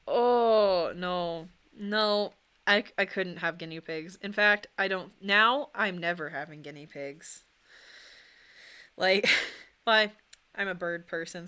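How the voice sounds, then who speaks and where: A woman's voice: mid-range voice, fairly bright tone. Young woman streamer, rambling casual chat, answers viewers as she paints.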